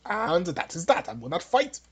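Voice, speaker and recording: A man's voice: high-pitched, big pitch swings, normal speed, slightly rough, heavily acted. A man putting on an exaggerated accent as a frail, apologetic old male politician who pleads meekly. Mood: meek pleading. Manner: pleading, submissive.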